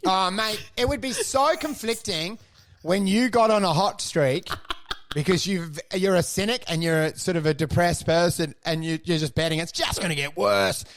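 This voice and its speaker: A man co-hosting a crude comedy podcast, riffing excitedly, swearing and laughing. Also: sits high, normal speed. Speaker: podcast co-host.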